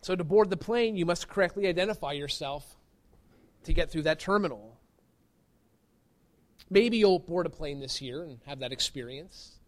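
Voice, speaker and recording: A man's voice: fairly high pitch, lively intonation, moderate pace, pauses often. A man preaching a sermon as pastor, earnest and emphatic, pressing his points with rising stresses.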